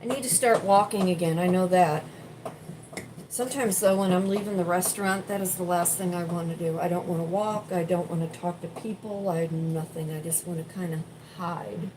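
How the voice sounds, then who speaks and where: A woman's voice: fairly low pitch, steady tone, normal speed, background noise. Chatty woman venting while cooking. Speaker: vlogger. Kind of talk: casual chat while cooking. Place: home kitchen.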